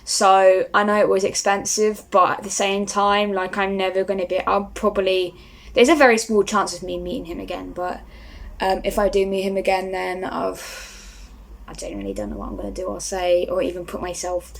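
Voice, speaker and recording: A woman's voice: medium pitch, normal speed, gravelly. A young woman, talking casually to camera as a vlogger and rambling with lots of fillers. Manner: rambling, starstruck, many fillers.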